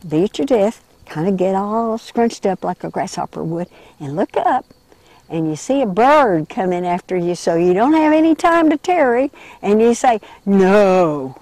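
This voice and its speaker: A woman leading children through an interactive insect story, telling them how to move and what to say, slowing and hushing for the gentle parts. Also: mid-range voice, dry recording. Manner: animated, slows and drops to a hush for gentle moments.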